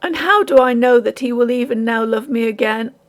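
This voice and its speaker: A woman's voice: on the high side, brisk, voice pushed up, close to an everyday voice. A woman voicing a desperate, wretched young woman who pleads earnestly.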